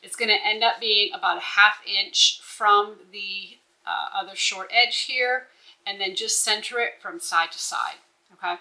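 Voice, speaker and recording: A woman's voice: mid-range voice, measured pace, sharp tone, low-quality recording. A woman walking through a bag-making pattern step by step, instructive and checking in with the viewer as she goes. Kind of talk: step-by-step sewing tutorial.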